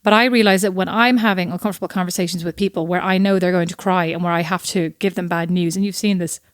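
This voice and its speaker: A woman in her thirties co-hosting a podcast, talking in a chatty, animated way and telling stories with quick asides. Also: lowish voice, no echo, studio quality. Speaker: podcast co-host. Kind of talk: casual chat.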